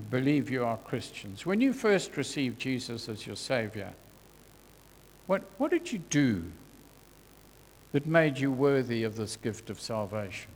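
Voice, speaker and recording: A man preaching a sermon in a church, earnest and deliberate, his voice dropping soft when he quotes scripture. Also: medium pitch, slight background noise. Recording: long hall reverb.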